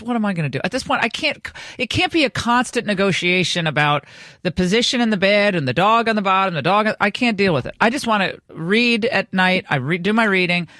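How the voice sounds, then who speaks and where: A woman's voice: fairly low pitch, a bit bright, no room sound. Chatty woman radio host, dry studio. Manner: chatty storytelling with restarts. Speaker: radio talk show host. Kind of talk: casual radio talk. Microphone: studio microphone.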